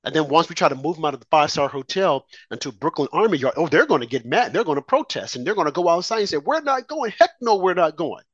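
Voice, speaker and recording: An indignant man delivers heated, sarcastic commentary, his pitch swinging widely as he pushes his points. The sound is dull and dry, like a lo-fi recording. He sits on the higher side of the usual male range. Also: expressive, very fast, hardly any pauses, husky, no room sound. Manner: indignant, sarcastic, rising to shouts.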